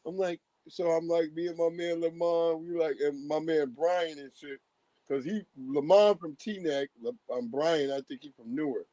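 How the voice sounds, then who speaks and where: A young man from Long Island, New York, with a high voice for a man, tells a story in casual chat and acts out every voice in it. His talk is loose and full of slang. The sound is dry and close, with little room in it. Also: lively intonation, moderate pace, darkish tone, no room sound, low-quality recording. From Hempstead, Long Island, New York. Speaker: storyteller guest.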